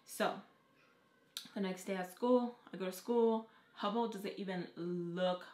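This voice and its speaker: A young adult woman telling a storytime vlog, talking fast and casually, with plenty of "like" and frequent swearing. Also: mid-range voice, a little mellow. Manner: fast casual talk, heavy on "like", swears freely. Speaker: vlogger. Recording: echoey room.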